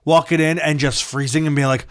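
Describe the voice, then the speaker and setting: A male podcast co-host trading quick, profane jokes and stories in a casual chat. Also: fairly high pitch, fairly even intonation, fairly bright tone, no echo, clean studio sound. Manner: quick joking banter, profane.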